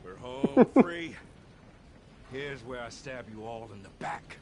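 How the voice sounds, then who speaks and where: A wry Wild West outlaw. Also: male voice, mid-range voice, animated, slow pace, background noise. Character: rough Wild West outlaw man, sly, joking. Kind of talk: video game cutscene dialogue.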